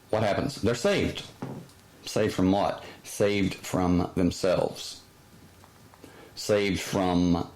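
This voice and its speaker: Man, slow unhurried delivery, rambling with fillers, casual spiritual commentary. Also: a little mellow, a little hiss or hum, poor audio. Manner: slow and rambling, many fillers, sudden high exclamations. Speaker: host.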